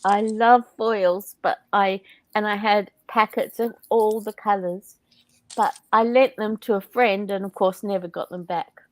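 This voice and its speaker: A woman's voice: medium pitch, steady tone, unhurried, no echo. An Australian woman co-hosting a craft chat, chatty and laughing often as she reads out viewer comments. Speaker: craft show co-host. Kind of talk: casual chat while crafting.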